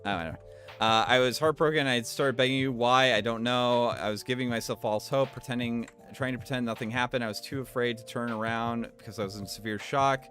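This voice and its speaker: Male streamer, bright tone, reads a text aloud with dry interjections over soft background music. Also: mid-range voice, a little fast. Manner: reads flatly, breaks off for wry asides. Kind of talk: reading aloud with commentary.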